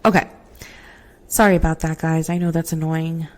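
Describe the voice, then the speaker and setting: Her voice is low and a little mellow, with a level tone and moderate pace. This young woman hosts a podcast from home on a laptop mic, recounting her own story emotionally and chattily, with plenty of fillers and "like."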